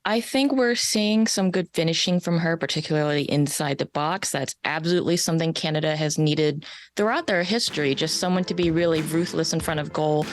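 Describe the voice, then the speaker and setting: A woman's voice: low voice, a little fast. A woman soccer analyst giving confident, analytical takes with some joking. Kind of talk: studio sports talk.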